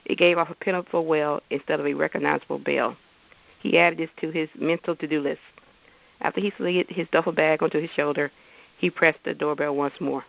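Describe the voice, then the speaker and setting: Woman author reading her novel, halting and stumbly, gravelly voice, muffled lo-fi sound. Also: deep voice, fairly even intonation, no echo. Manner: halting, with many fillers and restarts. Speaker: guest author and teacher. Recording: dull lo-fi dry sound.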